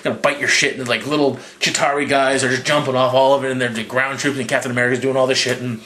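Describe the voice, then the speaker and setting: A man's voice: quick pace, a little hiss or hum. A slightly drunk young man casually recapping a movie, swearing freely and acting out lines in a raised voice. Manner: profane, excitable, acts out quotes in a higher voice. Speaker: movie reviewer.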